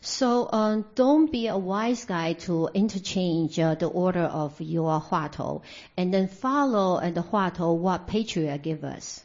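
A woman with a dark, mellow voice renders a meditation teaching into English, stopping often to search for words. The sound is dull and lo-fi. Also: fairly low pitch, a little slow. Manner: hesitant, many fillers and restarts. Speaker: interpreter. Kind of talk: consecutive interpreting of a dharma talk. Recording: dull lo-fi recording.

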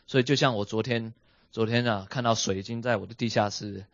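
A man teaching a lesson, animated and questioning his listeners as he explains, switching between English and Mandarin. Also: lowish voice, a little fast, dry recording, muffled recording. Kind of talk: bilingual class lesson. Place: home with a basement.

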